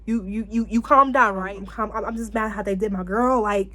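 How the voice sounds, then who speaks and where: A woman chatting casually as she reviews a drama, rambling and animated, laughing and swearing often. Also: medium pitch, a little fast, hardly any pauses.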